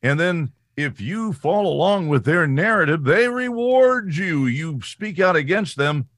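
Animated, indignant man on a talk show. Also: measured pace, no room sound, clean studio sound. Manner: animated, indignant, dramatic rises in pitch. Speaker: co-host. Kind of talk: political talk show chat.

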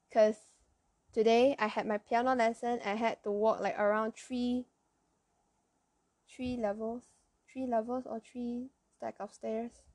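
A Malaysian teenage girl with a Malaysian Chinese accent hosts a casual solo podcast, pausing to search for words and giggling often. Her voice is fairly high and a little mellow, and the recording is dry.

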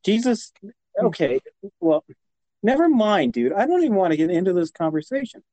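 A man co-hosting a podcast who rambles, hesitates and gets flustered. His slightly high voice swings widely in pitch and has a mellow tone. The sound is close and dry. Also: sing-song, normal speed, no echo, poor audio. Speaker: podcast co-host. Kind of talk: casual chat.

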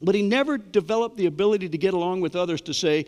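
A man's voice: high-pitched, fast talker, few pauses, a little mellow, long reverb tail. A middle-aged man preaching a sermon in a conversational way, asking the congregation questions. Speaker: pastor.

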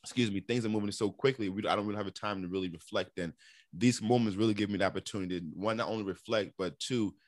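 A middle-aged man from New York telling his story in a casual interview, animated and repeating words as he acts out what others said. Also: on the low side, fast, no echo, clean studio sound. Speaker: interview guest.

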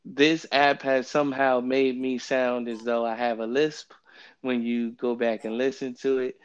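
A man hosts a casual Bible study podcast over a phone app, rambling with many fillers. His voice is smooth and even, with a narrow pitch range. The phone recording sounds dull and lo-fi. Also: measured pace. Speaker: podcast host. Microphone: phone app, remote recording.

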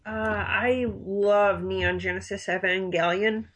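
Twenties, middle pitch, relaxed and enthusiastic casual talker. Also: takes it slowly, poor audio. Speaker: conversation partner. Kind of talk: casual chat.

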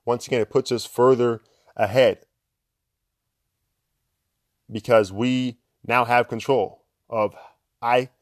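This podcast host is a young man with a mid-range, steady voice who speaks slowly and leaves long pauses; the studio recording is clean and dry. His casual motivational monologue on self-improvement is conversational, packed with fillers, "right?" tags, and short laughs between points.

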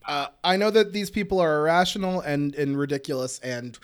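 A podcast host leading a casual chat, animated and laughing often, swearing freely and steering the conversation between topics. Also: mid-range voice, fairly quick, clean tone.

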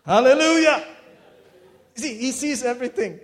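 High-voiced preacher in an echoey hall. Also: male voice, normal speed. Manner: animated, swings between loud exclamations and hushed retelling. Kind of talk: sermon.

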